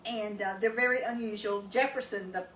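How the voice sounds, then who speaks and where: A woman's voice: medium pitch, steady tone, brisk, fairly bright tone. A woman from East Texas with a Southern accent, telling rambling, folksy family stories in casual chat. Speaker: cooking show co-host. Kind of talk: casual storytelling. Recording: echoey room, mic at a distance, faint noise.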